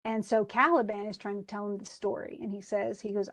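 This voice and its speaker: A woman's voice: mid-range voice, little pitch movement, fairly quick, hardly any pauses. A woman teaching, casually retelling a play and paraphrasing it in modern everyday speech. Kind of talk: casual literature lesson.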